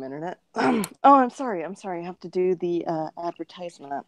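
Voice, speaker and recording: A woman's voice: fairly low pitch, lively intonation, brisk. A woman co-host doing a playful, teasing mock advertisement read.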